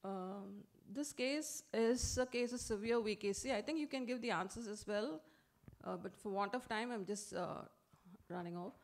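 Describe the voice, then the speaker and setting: Woman lecturing with many uh's. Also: medium pitch. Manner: many filler "uh"s, brisk and explanatory. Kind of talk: medical teaching lecture.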